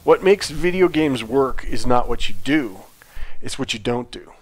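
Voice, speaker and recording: A man's voice: mid-range voice, unhurried. Opinionated, joking man chatting on a livestream. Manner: opinionated, animated, jokey. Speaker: developer co-host of a livestream. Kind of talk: casual livestream chat.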